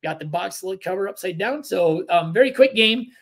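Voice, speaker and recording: Man, high voice, relaxed, rambling, casual board game talk. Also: normal speed, creaky, noisy background. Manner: relaxed, rambling explanations with fillers. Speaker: podcast co-host.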